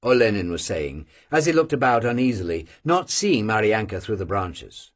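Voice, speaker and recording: An audiobook reader narrating a classic novel unabridged, in a slow, measured voice that drops low between lines of dialogue. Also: sing-song.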